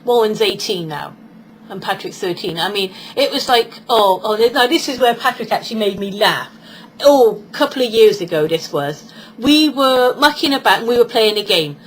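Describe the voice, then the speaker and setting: A woman's voice: mid-range voice, animated, normal speed, a little hiss or hum, low-quality recording. A British woman in her forties talking casually in a rambling vlog monologue, often acting out other people's voices. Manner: chatty and rambling, acts out quoted voices. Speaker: vlogger.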